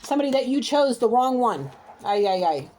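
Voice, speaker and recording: A woman's voice: on the high side, sing-song, a little fast, mellow, a little hiss or hum. A woman giving an intuitive tarot reading to camera from home, talking in a heated, scolding, exasperated way. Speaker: intuitive reader. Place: home, alone with pets.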